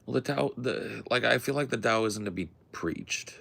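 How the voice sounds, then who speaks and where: A man's voice: medium pitch, moderate pace, creaky, a bit bright, slightly rough. A man co-hosting a podcast in casual, profane, rambling chat, talking from his home in the woods at night. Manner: laid-back, profane, rambling. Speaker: podcast co-host.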